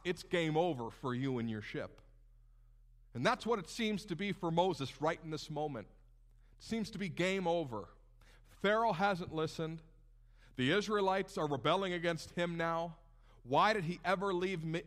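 A man gives a sermon in a fairly high voice. He preaches in an animated, conversational way and slips into casual asides to the congregation. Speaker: pastor.

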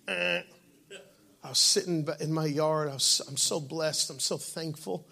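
A male pastor preaching a sermon, swinging from shouted passages to hushed, breathy tones. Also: on the high side, fairly even intonation, a little slow.

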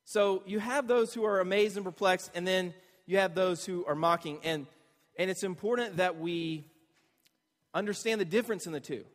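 A man with a high voice preaching a sermon in a loose, conversational way. He keeps tossing rhetorical questions at the listeners. His voice rings out with a long reverb. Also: moderate pace. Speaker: pastor.

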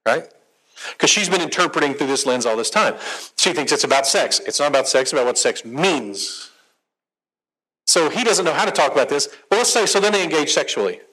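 A man's voice: on the high side, brisk, husky, rough recording. Middle-aged man speaking to a conference crowd. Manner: conversational, animated, asks the audience questions. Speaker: marriage conference speaker and therapist. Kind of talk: live talk to a conference audience. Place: conference hall with a live audience.

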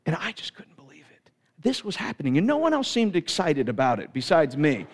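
A middle-aged man from Pennsylvania, a pastor delivering a sermon through an animated, self-mocking story. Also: a little high, brisk, in a large hall.

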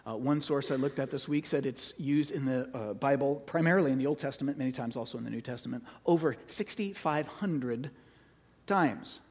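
A man's voice: medium pitch, a little mellow, breathy edge. Earnest male pastor in an echoey hall. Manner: earnest, conversational, slows for emphasis. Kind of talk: sermon.

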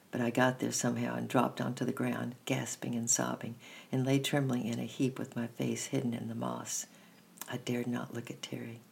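A man reading a children's story aloud in a steady, measured first-person narration. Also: medium pitch, creaky, slightly rough.

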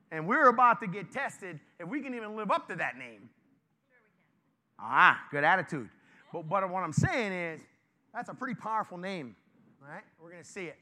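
Bright, high-voiced preaching man. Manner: lively, conversational, joking with the congregation. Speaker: pastor. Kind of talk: informal sermon to a congregation.

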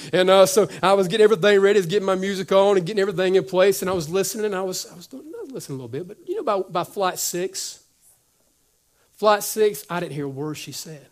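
Lively preaching man, loud then hushed. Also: high voice. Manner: animated, acts out dialogue, drops to whispers. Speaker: pastor. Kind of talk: sermon.

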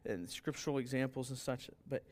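A man's voice: a little fast, a little mellow. A man preaching a sermon in a conversational way, telling stories and acting out their characters. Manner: conversational preaching with anecdotes and restarts; acts out story characters with sudden higher pitch. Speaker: pastor.

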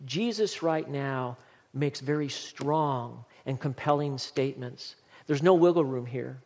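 A man's voice: medium pitch, measured pace, a little mellow, big-room sound. A male pastor preaching a sermon in an earnest, emphatic manner, reading scripture aloud.

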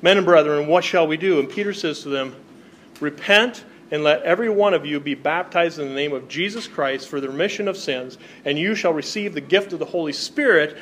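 A man's voice: a little high, a little fast, fairly bright tone, a little hiss or hum. A male pastor preaching a sermon, reading Bible passages aloud and explaining them to his congregation. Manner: reads scripture aloud, then explains it to the congregation.

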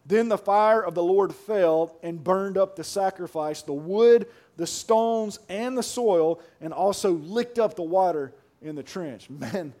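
A male pastor preaching a sermon, casual and colloquial, swinging from hushed talk to shouting. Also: sits high, unhurried, few pauses. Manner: colloquial, says "man" and "y'all".

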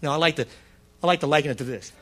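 A man in his fifties preaching a sermon, telling stories and building up to shouted praise. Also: fairly high pitch, racing.

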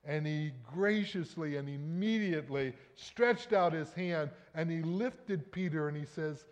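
Emphatic high-voiced preacher in a hall. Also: male voice, measured pace, few pauses. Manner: emphatic, rises and falls in loudness for effect. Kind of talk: sermon. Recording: long reverb of a large hall.

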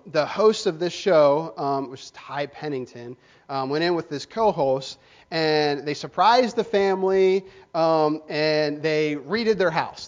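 A man with a high voice preaches, telling a story in a rambling way with many ums and restarts. The recording sounds dull and lo-fi. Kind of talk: sermon.

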